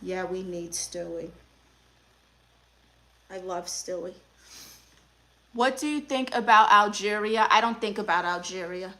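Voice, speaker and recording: Woman, young adult, Brooklyn accent, sassy, teasing, bright voice. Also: mid-range voice, measured pace, pauses often. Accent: Brooklyn New York. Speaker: livestream host playing an aunt therapist. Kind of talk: live stream chat reading.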